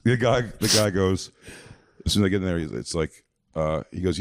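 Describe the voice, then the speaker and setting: A man's voice: deep voice, normal speed, dry recording, studio quality. A man telling a long, rambling story in casual chat, full of fillers and restarts. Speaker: podcast host telling a story.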